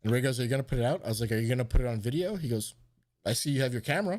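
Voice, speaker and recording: A man's voice: medium pitch, very fast. A man hosting a live stream, casually telling a story, swearing freely and acting out what people said in a raised voice. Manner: animated, swearing, acts out quotes in a raised voice. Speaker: host.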